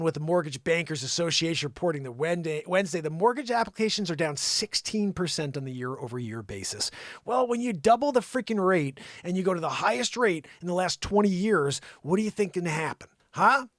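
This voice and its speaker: A man who works as a realtor, hosting a comedic news commentary in an excitable, rambling way and talking to an off-screen sidekick. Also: high voice, no room sound, studio quality.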